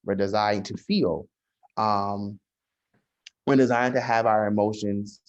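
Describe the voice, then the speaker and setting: A man, a social worker, talking in a casual podcast conversation, measured and often restarting his sentences. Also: lowish voice, fairly even intonation. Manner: measured, frequent restarts and hesitations. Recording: dull lo-fi sound.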